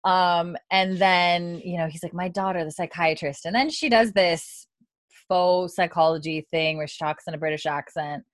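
A woman's voice: fairly low pitch, moderate pace, no echo. A woman recapping a TV episode in casual chat, retelling scenes and quoting the characters between fillers. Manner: retells scenes with quoted lines, many fillers and laughs. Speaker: podcast co-host recapping a TV episode.

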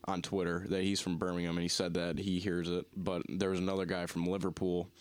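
A young man with a Northeastern US accent and a low voice talks loosely as a podcast co-host. He trails off and restarts often, and the recording is dry and close, with no room sound. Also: completely flat delivery, clear, resonant tone, no echo. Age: young adult. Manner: rambling, halting, many restarts and fillers. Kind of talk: casual chat.

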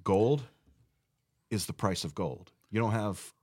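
A young man, a podcast guest, telling stories in casual chat with halting restarts. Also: lowish voice, a little mellow.

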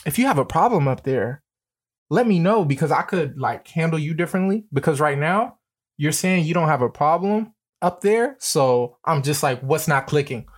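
A man hosting a live stream, reading out screenshot messages and answering them in an animated, profane rant. His voice swings from low muttering to sudden shouts. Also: normal speed. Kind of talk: ranting live-stream commentary.

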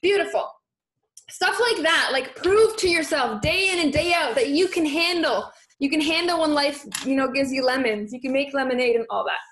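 A young woman hosting a motivational live stream, talking in an energetic, encouraging way and reading viewer comments aloud. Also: sits high, normal speed, reverberant, a little hiss or hum.

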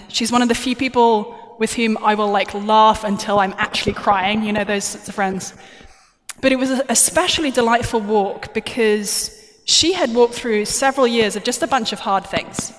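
A woman with a fairly high voice gives a plenary talk at a conference at normal speed, chatty, jokey and self-deprecating. She's in a large conference hall, and her stage mic picks up roomy hall reverb.

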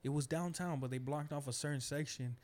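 A young man talks fast in a relaxed, slangy way, telling stories and slipping into his friends' voices when he quotes them. His voice is dark and mellow. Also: a little high. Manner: laid-back slangy storyteller, quotes friends in lively voices. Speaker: podcast host. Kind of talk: casual chat, storytelling.

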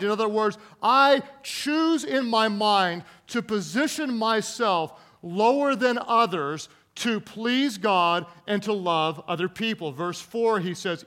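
A male pastor preaches with a fairly high voice. He is playful, drops in jokes and asks the congregation to repeat words back to him, and he stretches out key words for emphasis. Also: fairly bright tone. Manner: joking, calls for congregation responses; slows to stress key words. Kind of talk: sermon.

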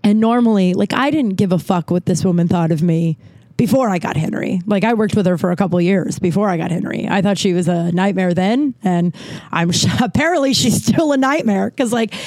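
Hoarse woman in a casual monologue. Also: mid-range voice, fairly quick, a little mellow, no room sound. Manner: chatty and profane, acts out quoted people. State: hoarse, losing her voice. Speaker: podcast host.

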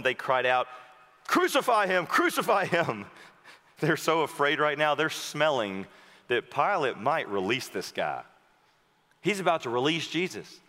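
A male preacher giving an expository sermon, dramatic, acting out the Bible figures and swinging from loud outbursts to hushed tones. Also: mid-range voice. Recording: long hall reverb.

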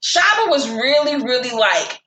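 Brief: woman, casual chat, profane animated storyteller, bright voice, roomy echo. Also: high-pitched, a little slow, a little hiss or hum.

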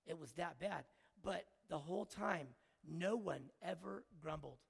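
A man with a gravelly, husky voice tells a story from the pulpit, earnest and emotional, often stopping to restart his thoughts. His voice sits a little high and carries a long reverb from a church sanctuary. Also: unhurried. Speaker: preacher. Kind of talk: sermon storytelling.

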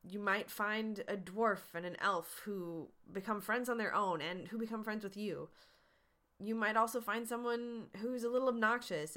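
A woman's voice: medium pitch, a bit bright. A woman hosting a podcast, answering listener questions in an earnest, encouraging, conversational way. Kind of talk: casual advice talk.

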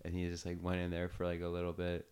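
A man's voice: deep voice, monotone, quick pace, a little mellow, clean tone. A man hosting a podcast, telling a story in a loose, profane way full of fillers. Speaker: podcast host. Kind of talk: casual storytelling chat.

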